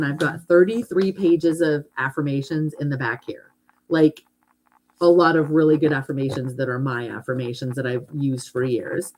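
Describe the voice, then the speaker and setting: On a poor-quality recording, a middle-aged woman with a deep, slightly mellow voice chats casually and animatedly about affirmations and self-love, using lots of fillers. She is a host and hypnotherapist.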